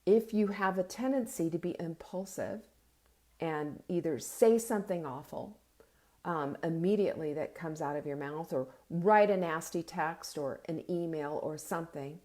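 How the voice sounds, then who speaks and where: A woman's voice: low voice, normal speed, dark tone. A woman hosting a casual inspirational talk on a live video stream, earnest and conversational, speaking directly to her listeners. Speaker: host.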